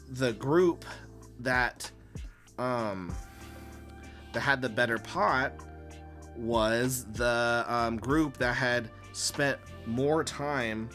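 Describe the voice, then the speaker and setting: Drawing on a live stream, this comic artist and host chats casually in a mid-range voice. He's a rambling, profane talker who uses lots of fillers and tells animated stories, performing his own quoted lines.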